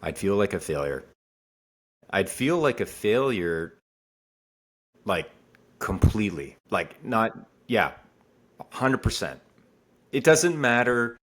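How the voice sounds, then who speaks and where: A man's voice: lowish voice, fairly bright tone. A man co-hosting a podcast and talking about being a father, earnest and repeating phrases for emphasis. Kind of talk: casual podcast chat.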